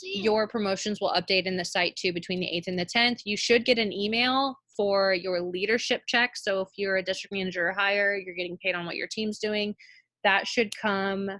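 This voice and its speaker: A woman's voice: mid-range voice, steady tone, normal speed, a bit bright, no echo. Emphatic woman on a team call. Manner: emphatic, repeats phrases for effect. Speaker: team leader. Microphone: call audio.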